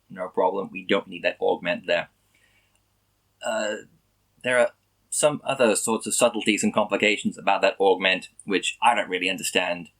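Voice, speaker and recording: A young man talking casually to camera, musing aloud with many pauses and questions as he works through a language lesson. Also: lowish voice, fairly bright tone, low-quality recording. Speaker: language learning vlogger. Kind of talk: casual explanatory monologue.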